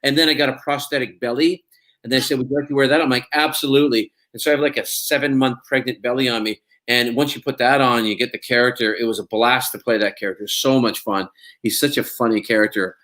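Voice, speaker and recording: A man's voice: mid-range voice, steady tone, fast, fairly bright tone. A man, an actor being interviewed, talking casually and rambling with many restarts.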